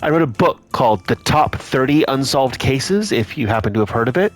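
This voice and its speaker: A brisk, self-important reporter, voiced by a man in a game dub. He rattles off his lines quickly and eagerly, with a lively lilt. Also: mid-range voice, faint music behind, natural voice. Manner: fast, eager and boastful.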